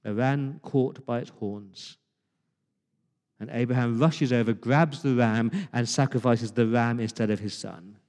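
A male pastor delivers an impassioned sermon, leaning on dramatic pauses and repeating his words for emphasis. His mid-range voice carries a long reverb through the church hall. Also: medium pitch, a little mellow.

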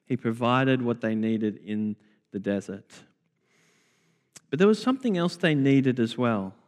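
A man, preaching a sermon in slow, deliberate phrases with repetition. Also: mid-range voice, expressive, a little mellow. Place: church. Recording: long church reverb.

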